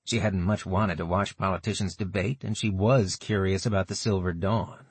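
Husky male audiobook narrator. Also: on the low side, moderate pace, few pauses, dry recording. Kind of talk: scripted fantasy narration.

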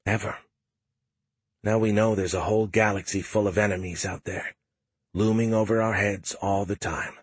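A man's voice: on the low side, steady tone, normal speed, breathy edge, dry recording. A man reading the part of a tough, frank young woman soldier in an audiobook, with little change from his own voice. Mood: blunt. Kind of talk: audiobook character voice.

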